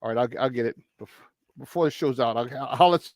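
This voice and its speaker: A man hosting a morning sports talk show, chatty, joking and easily excited about his team. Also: medium pitch, quick pace, no room sound, clean studio sound.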